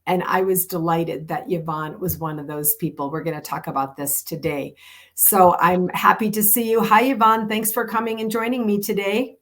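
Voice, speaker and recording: Older woman, podcast host, earnest and emphatic, slightly low voice, reflective conversation. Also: fairly even intonation, a bit bright. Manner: earnest, emphatic, slows down to read aloud.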